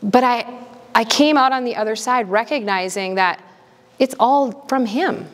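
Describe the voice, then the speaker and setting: A woman in her thirties giving a candid talk and answering audience questions. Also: on the high side. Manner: earnest, candid, quick bursts. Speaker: guest speaker. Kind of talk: casual Q&A talk. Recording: long hall reverb.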